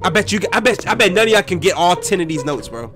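High, excitable young man gaming. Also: quick pace, soft background music. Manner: jumpy and loud, yelling and trash-talking. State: out of breath. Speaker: gaming YouTuber. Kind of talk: excited horror game commentary.

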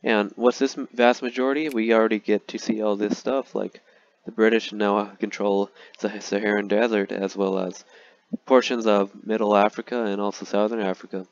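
A man's voice: on the low side, moderate pace, dry recording, muffled recording. Joking young man narrating a strategy game. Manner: joking, rambling with fillers, deadpan dark humor. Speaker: gaming YouTuber. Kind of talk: casual gameplay commentary.

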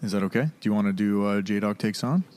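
A man's voice: on the low side, fast talker, very noisy. A man co-hosting a podcast, bantering casually and teasing his partner. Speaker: podcast co-host. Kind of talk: casual chat.

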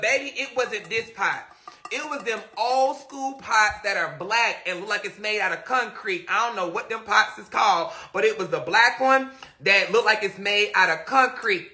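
A man's voice: sits high, a little hiss or hum. A man telling a story casually to live viewers on a phone, dramatic and full of outbursts. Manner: animated, dramatic retelling with outbursts. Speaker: live-stream host.

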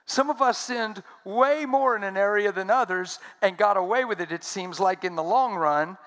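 A man preaching a sermon, telling stories emphatically and swinging between loud and hushed speech. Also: high-pitched, moderate pace.

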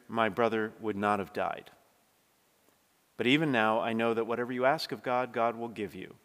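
A man's voice: mid-range voice, moderate pace. Preaching man in a reverberant church. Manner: earnest preaching, dynamic swings from hushed to forceful. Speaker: pastor. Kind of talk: sermon.

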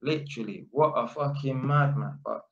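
A man's voice: mid-range voice, normal speed, a bit bright, muffled recording. Slangy man in an echoey room. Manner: slangy and sweary, full of innit and fam. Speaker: electrician. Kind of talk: casual storytelling to camera.

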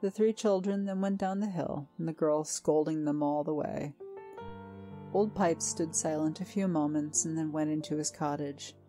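Low-voiced woman storyteller. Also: steady tone, normal speed, dark tone. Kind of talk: storybook narration. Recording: faint music behind.

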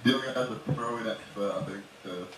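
A man chatting casually as a co-op gaming partner, giving quick, laid-back tips. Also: lowish voice. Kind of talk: casual voice chat while gaming. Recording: roomy, distant chat audio with noise.

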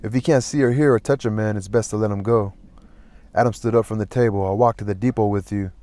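A man reading a novel aloud in an even, plain manner, lightly voicing the dialogue. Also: fairly low pitch, fast talker. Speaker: audiobook reader.

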